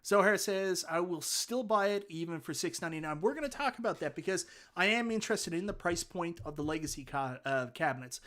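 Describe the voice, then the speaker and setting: A man with a Newfoundland accent hosts a casual livestream in a high, slightly bright voice with lively intonation. He talks a little fast with few pauses, rambling enthusiastically and thanking viewers as he reads their comments.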